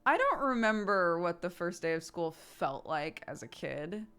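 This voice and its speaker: A chatty woman in her thirties tells a long story to her stream chat from her home desk mic. Her voice is bright and edged, and it jumps around a lot in pitch. She rambles and leans on fillers. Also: big pitch swings, measured pace, clean tone. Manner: rambling anecdote with many fillers and acted quotes.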